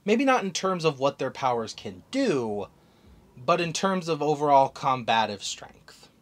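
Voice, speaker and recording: A man chatting through a comic chapter recap with a lively, swinging pitch. He rambles, corrects himself mid-sentence and keeps the tone casual throughout. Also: unhurried. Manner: animated, rambling, self-correcting.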